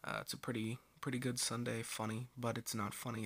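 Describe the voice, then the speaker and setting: A man with a gravelly, fry-edged voice at an ordinary middle pitch hosts a laid-back review. He talks in a dry, offhand way and pauses often between thoughts. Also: little pitch movement, a bit bright. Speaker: host reviewing comic strips. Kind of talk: casual review monologue.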